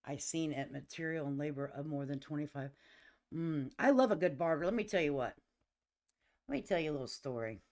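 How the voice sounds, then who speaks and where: A middle-aged woman hosting a livestream, telling stories in casual chat, laughing often, and talking lively and emphatically to her viewers. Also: sits low, brisk. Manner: laughs often, lively and emphatic, addresses listeners as honey and baby. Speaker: livestream host.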